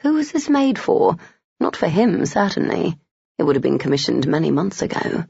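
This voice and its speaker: This is a measured audiobook narrator reading a romance novel aloud. The voice is gravelly and husky, and the recording is dry and dull, like lo-fi audio. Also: medium pitch, very animated, darkish tone, no echo.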